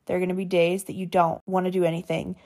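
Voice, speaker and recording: A woman's voice: lowish voice, flat delivery, quick pace, a little mellow. A woman in her twenties hosting a solo podcast, speaking in an earnest, heartfelt and frank way with some casual swearing. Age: 20s. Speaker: podcast host. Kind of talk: candid solo podcast talk.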